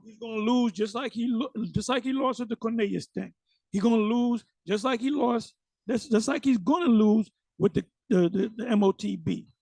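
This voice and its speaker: A man's voice: very high voice, normal speed, vocal fry, a little mellow, no room sound. A man giving casual, emphatic commentary on a sermon video. He often repeats words and uses slang.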